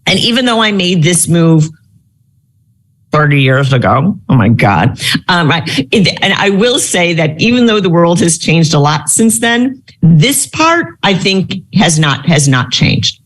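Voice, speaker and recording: Lively storytelling woman in her fifties. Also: on the low side, unhurried. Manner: storytelling, animated with many fillers. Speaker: career speaker. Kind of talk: live Q&A talk.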